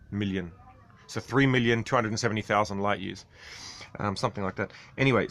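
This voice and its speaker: A man's voice: fairly low pitch, fairly bright tone. A man streaming, talking casually about astronomy while reading chat, with a rambling, chatty manner. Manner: rambling, chatty, laughs often.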